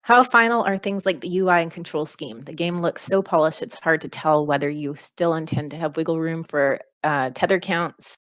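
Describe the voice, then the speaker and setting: A woman's voice: low-pitched, normal speed, few pauses, a bit bright, no echo, clean studio sound. A woman developer reading out and answering community questions on a voice call, chatty and self-deprecating. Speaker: game developer. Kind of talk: casual Q&A in a voice call. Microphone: computer mic on a voice call.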